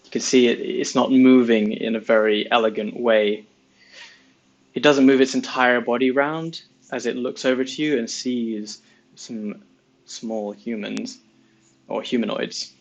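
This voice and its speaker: A man narrating a tabletop fantasy game as game master, describing scenes in a measured way with pauses. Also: mid-range voice, fairly even intonation, low-quality recording.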